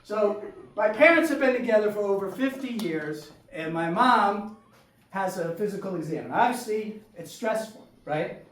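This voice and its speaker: A man doing solo stand-up storytelling on a theater stage, animated and acting out his family, sometimes shouting punchlines. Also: sits high, moderate pace, a little hiss or hum. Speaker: stand-up comedian. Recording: echoey room, voice from far off.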